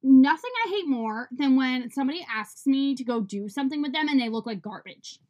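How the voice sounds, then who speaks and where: A young woman casually telling a dating story, profane, animated and exasperated. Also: high voice, brisk.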